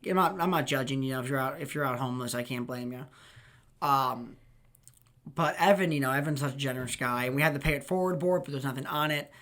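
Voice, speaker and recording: A man's voice: mid-range voice, fast talker, a bit bright. A young man hosting a casual podcast chat, telling rambling work stories with laughter and swearing. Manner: rambling, laughing, swears, acts out quoted people. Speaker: podcast host.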